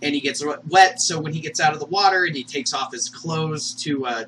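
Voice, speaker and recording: A man's voice: fairly high pitch, a little fast, bright, forceful tone, a little hiss or hum. A man giving a casual, jokey review of a cartoon episode, laughing at his own asides. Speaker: anime reviewer.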